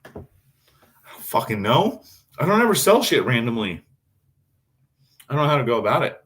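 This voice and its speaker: Sweary guy knifemaker talking on his stream, low voice but bounces all over the place. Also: wildly swooping pitch, slow pace, pauses often, fairly bright tone. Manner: profane, rambling, answers chat. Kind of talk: casual live-stream chat.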